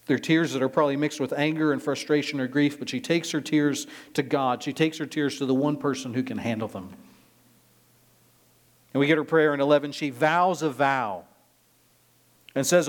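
A man preaching a sermon, explaining a scripture passage verse by verse with emphatic delivery. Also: mid-range voice. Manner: expository, emphatic, reads scripture aloud.

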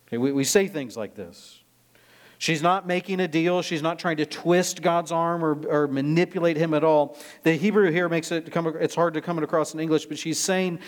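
A man's voice: fairly high pitch, moderate pace. A man preaching a sermon, explaining a scripture passage verse by verse with emphatic delivery. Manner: expository, emphatic, reads scripture aloud.

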